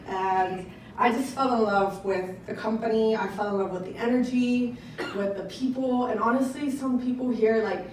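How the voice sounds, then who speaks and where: A young woman giving an excited, conversational testimonial speech to an audience at a business event and talking to them directly. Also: mid-range voice, a little hiss or hum. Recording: echoey room picked up from a distance.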